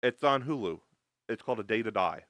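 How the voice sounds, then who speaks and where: Low-voiced man in laid-back podcast chat. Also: animated, brisk, fairly bright tone, dry recording. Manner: easygoing, heavy use of "like" and "uh". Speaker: podcast co-host. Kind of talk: casual chat reviewing a show.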